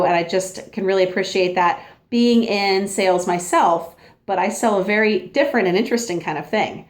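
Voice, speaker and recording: A woman's voice: medium pitch, a little fast. A woman giving a casual, upbeat training talk as a sales consultant, chatty and acting out little dialogues. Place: home.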